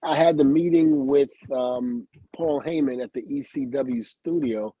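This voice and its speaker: A husky, mid-range male voice at a measured pace belongs to a middle-aged livestream guest sharing career anecdotes. He's an animated storyteller who voices other people's lines, swears, and breaks into laughter often. The sound is lo-fi.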